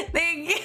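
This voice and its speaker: A woman's voice: sits high, pushed and bright. A young woman streamer chatting casually and giggling as she greets her viewers by name. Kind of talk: casual live-stream chat.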